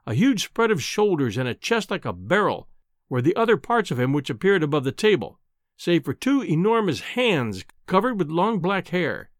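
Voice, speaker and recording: Man reading a novel aloud, very lively pitch, slightly high voice, dry close mic. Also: moderate pace, dry recording. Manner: expressive, descriptive storytelling. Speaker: audiobook narrator. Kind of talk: scripted narration.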